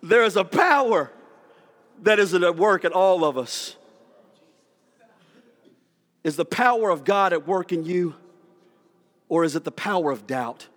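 A man's voice: high-pitched, measured pace, pauses often. A man, preaching a sermon in a church and acting out the dialogue of his story. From United States. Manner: storytelling, animated, acts out dialogue. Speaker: pastor. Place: church sanctuary. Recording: long hall reverb.

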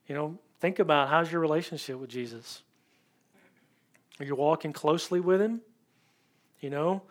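A man preaching a conversational sermon in church, searching for his words with frequent ums and pauses. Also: fairly high pitch. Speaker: pastor.

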